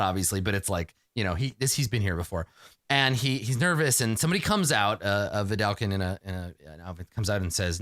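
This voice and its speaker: A man narrating as game master in a rambling, animated storytelling way, full of fillers and restarts. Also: lowish voice.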